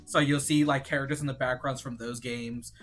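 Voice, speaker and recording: A young man chatting casually as a podcast co-host, excitedly acting out scenes with loud voices and swearing. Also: mid-range voice, brisk, soft background music. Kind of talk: casual chat.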